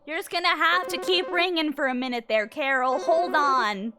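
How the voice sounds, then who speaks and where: A woman live-streaming a game, chatting casually, greeting viewers by name and thinking her answers through out loud. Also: sits high, moderate pace, over music.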